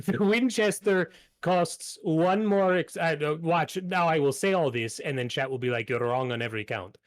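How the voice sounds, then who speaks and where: A man's voice: fairly high pitch, measured pace, dry recording, clean studio sound. A man playing a card game as a podcast guest, rambling and joking in a put-on mock foreign accent. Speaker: guest player. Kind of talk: casual tabletop game play on a podcast.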